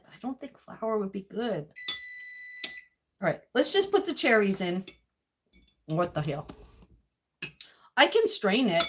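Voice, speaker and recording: A woman vlogging as she cooks, rambling to herself and her viewers and laughing often. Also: medium pitch. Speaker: cooking vlogger. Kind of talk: casual kitchen chatter to viewers. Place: home kitchen. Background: clinking dishes and cutlery.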